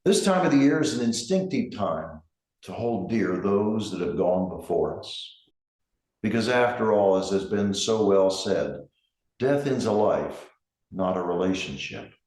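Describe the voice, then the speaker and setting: A middle-aged man, a grief counselor, giving a gentle, measured reflective talk with emphasis on key words. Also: fairly low pitch, expressive. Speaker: grief counselor and center director. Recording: roomy echo.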